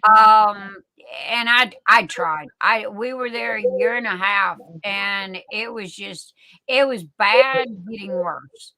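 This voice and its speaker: A woman's voice: mid-range voice, takes it slowly, pushed and bright, dry recording, poor audio. A woman telling folksy stories in casual livestream chat, often repeating and restarting words. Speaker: livestream guest.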